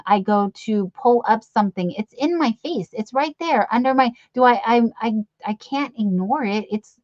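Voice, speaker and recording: A woman's voice: on the high side, darkish tone, dry recording, dull audio. A middle-aged woman hosting a late-night live stream, chatting and reading out comments in a rambling, giggly, affectionate way with lots of fillers. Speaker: livestream host.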